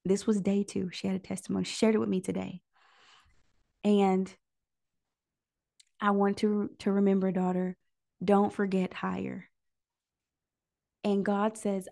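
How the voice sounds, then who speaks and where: Lady leading a prayer call, prophetic and emotional, soft whispers then big passionate rises. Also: mid-range voice, little pitch movement, a little slow, long pauses. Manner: emotional, breathy whispers between impassioned prophetic declarations.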